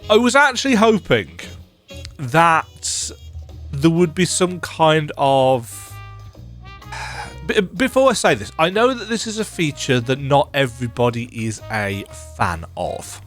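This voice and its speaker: A man's voice: on the high side, very animated, slow, fairly bright tone. A man giving casual, self-deprecating commentary while playing a video game. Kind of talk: casual let's-play commentary. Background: game music.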